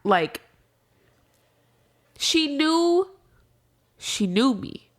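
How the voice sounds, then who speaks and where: A woman's voice: high voice, sing-song, extremely slow. A young adult woman as a podcast guest, talking candidly and casually about grief, swearing freely and trailing off into restarts.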